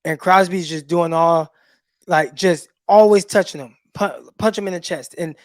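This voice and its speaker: A high-pitched man co-hosting a sports podcast, telling stories in a lively way and acting out the quotes. His voice sounds dry and close to the mic. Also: normal speed, dry recording. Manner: animated storyteller, acts out quotes. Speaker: podcast co-host, former cornerback. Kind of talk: casual sports podcast chat.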